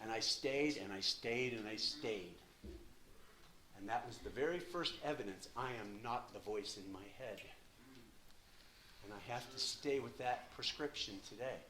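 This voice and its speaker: A man in his sixties giving an impassioned, profane personal share at a recovery meeting, swinging from hushed to loud. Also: medium pitch, unhurried, slight background noise.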